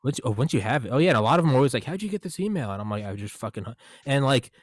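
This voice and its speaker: A man's voice: mid-range voice, very fast, dry recording. A young man hosting a podcast, telling a story casually with lots of swearing, and quoting himself and others. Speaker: podcast host. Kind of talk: casual conversation.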